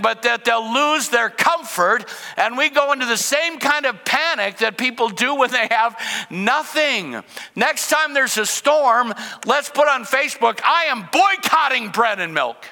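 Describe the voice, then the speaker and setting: A man's voice: extremely high pitch, creaky, bright, forceful tone, big-room sound. An older man preaching a sermon in a conversational way, asking rhetorical questions and mixing in humor. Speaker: pastor.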